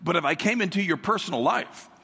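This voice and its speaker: High, husky-voiced man preaching energetically. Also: quick pace, in a large hall. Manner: energetic, calls for congregation responses, repeats words. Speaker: guest pastor. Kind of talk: sermon. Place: large church sanctuary.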